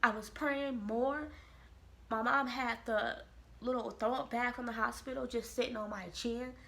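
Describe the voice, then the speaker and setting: A woman from Kansas City, telling a personal story to camera in a lively, expressive way. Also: a little high, measured pace, creaky. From Kansas City, Missouri. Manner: animated, expressive storytelling with quoted voices. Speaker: vlogger. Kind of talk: casual storytelling.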